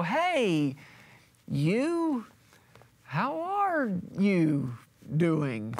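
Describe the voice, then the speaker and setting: A high-pitched man in his thirties gives a televised sermon, talking conversationally but with emphasis. His volume rises and falls widely from loud to quiet.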